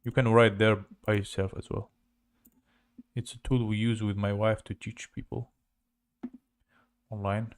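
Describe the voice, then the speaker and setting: Russian-accented guy on a livestream lesson, talks slow, keeps repeating words to compare them. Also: fairly low pitch, little pitch movement. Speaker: language teacher.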